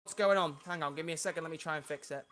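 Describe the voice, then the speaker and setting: Young streamer at home, chatty and bright-toned, easily flustered. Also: male voice, a little high, racing, soft background music. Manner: chatty, flustered by tech trouble. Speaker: livestreamer. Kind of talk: casual livestream chat.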